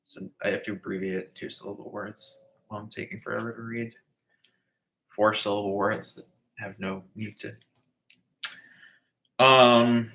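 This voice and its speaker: A man's voice: lowish voice, pushed and bright, echoey room, poor audio. A man reading scripture aloud in a casual, joking way, tripping over hard names and breaking off into wisecracks and the odd curse. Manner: stumbles over names, jokey asides, swears. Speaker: bible reading podcaster. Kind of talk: casual comedic bible reading.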